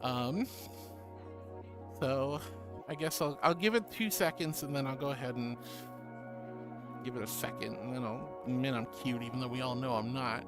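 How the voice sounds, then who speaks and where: A woman's voice: rumbling low, moderate pace, pauses often, over music. A woman streamer chatting casually and reading her chat aloud, playful and teasing, with mock protests. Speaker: VTuber streamer.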